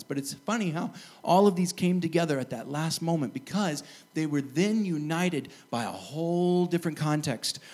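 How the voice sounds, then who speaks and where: Animated high-voiced man preaching. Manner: lively storytelling, animated asides and laughs. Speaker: pastor. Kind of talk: sermon.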